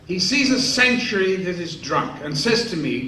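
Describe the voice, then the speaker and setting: A man's voice: high-pitched, very animated, moderate pace, hardly any pauses, pushed and bright. A man in his sixties telling rambling, amused anecdotes to a live convention audience, acting out the quotes. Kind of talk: live Q&A storytelling. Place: large convention hall. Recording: echoey hall, distant mic, faint noise.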